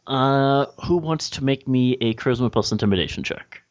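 A man's voice: mid-range voice, normal speed, no echo. A man narrating a tabletop game as game master, describing scenes casually with many fillers. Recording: dull lo-fi dry recording.

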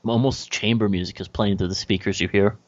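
A man's voice: fairly low pitch, steady tone, a little fast, no echo. A man narrating a tabletop game as game master, describing scenes casually with many fillers. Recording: dull lo-fi dry recording.

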